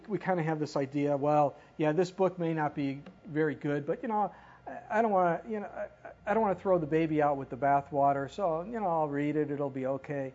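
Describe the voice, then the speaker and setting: A woman's voice: low-pitched, a little mellow, slightly rough. A woman preaching a sermon in a conversational way, asking rhetorical questions and reading scripture aloud. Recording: dull lo-fi recording.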